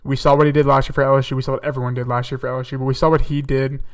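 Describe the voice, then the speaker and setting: A young podcast host talks through his football picks in a casual solo mock-draft, thinking aloud with fillers and self-corrections. His medium-pitched voice is smooth, clear, and level, sitting a little back from a distant mic.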